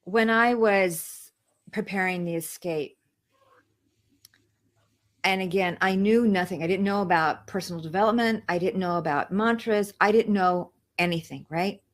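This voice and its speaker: An earnest woman guest on an interview show, telling a personal story with heartfelt conviction. Her voice sits at a medium pitch, and she often repeats a phrase to drive it home. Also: a little slow. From outside the United States. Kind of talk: emotional personal testimony.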